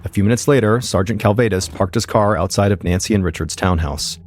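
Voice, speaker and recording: A man's voice: on the low side, a little fast, darkish tone, a little hiss or hum. Man narrating a suspenseful true story. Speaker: podcast host and storyteller. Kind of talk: scripted true-crime narration.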